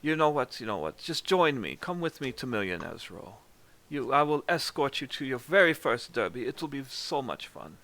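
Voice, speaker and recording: A man voicing a courtly, rich German horse owner in a tabletop game, with a clichéd put-on German accent and flattering manners. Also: mid-range voice, normal speed, voice pushed up. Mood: gallant. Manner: overly gallant, flattering.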